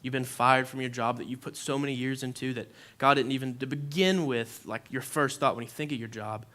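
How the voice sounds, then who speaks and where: A man's voice: mid-range voice, steady tone, brisk, sharp tone. Young man preaching in a casual way. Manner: conversational, lots of "like", acts out his own reactions. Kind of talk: informal sermon with personal story. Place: church.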